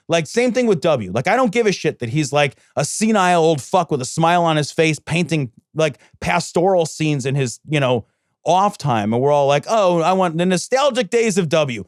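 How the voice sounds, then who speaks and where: Lively high-voiced indignant man. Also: no room sound, studio quality. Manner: emphatic, indignant, repeats for stress. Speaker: podcast co-host. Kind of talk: casual political chat.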